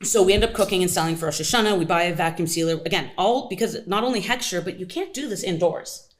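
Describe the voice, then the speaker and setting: Woman, American accent, rapid speech, slightly low pitch, animated storyteller, interview guest. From United States. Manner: animated, acts out quotes with big pitch jumps. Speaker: kosher pitmaster guest.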